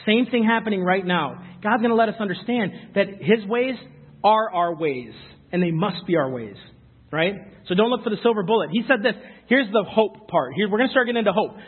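A man preaching a sermon, animated and talking straight to the congregation with quick asides. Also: high-pitched, breathy edge. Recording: phone-like sound with long hall reverb.

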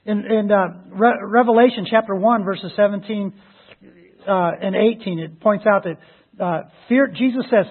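A man preaching an Easter sermon, emphatic and animated, who laughs as he retells stories. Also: sits high, moderate pace, breathy edge. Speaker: pastor. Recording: phone-like lo-fi sound.

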